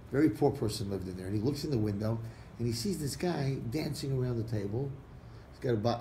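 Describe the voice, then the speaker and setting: Male rabbi, mellow voice, animated parable-telling, roomy hall sound with faint noise. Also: mid-range voice. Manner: animated storyteller acting out characters' lines. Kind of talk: storytelling talk to an audience. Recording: echoey room recording with faint background noise.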